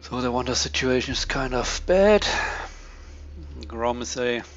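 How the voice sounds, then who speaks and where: A man giving casual, low-key commentary on his turn in a strategy game, thinking aloud with many pauses and ums. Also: animated. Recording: dull lo-fi mic with faint hiss.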